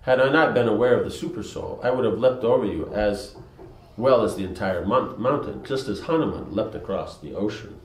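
A man voicing a proud, mighty warrior prince in a story he reads aloud, speaking in a forceful, declaiming way. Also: lowish voice, animated, a little fast, reverberant, a little hiss or hum, poor audio. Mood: commanding.

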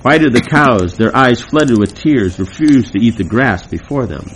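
A man's voice: mid-range voice, animated, moderate pace, slight background noise, close to an everyday voice, poor audio. A man reading aloud the part of a lovesick young woman in a devotional play, lamenting.

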